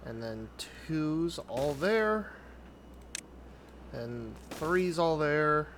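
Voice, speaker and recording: A man giving casual commentary on his own gameplay, thinking aloud as he builds in a relaxed way. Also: fairly high pitch, very slow, a little hiss or hum. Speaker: gaming YouTuber. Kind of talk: casual let's-play commentary.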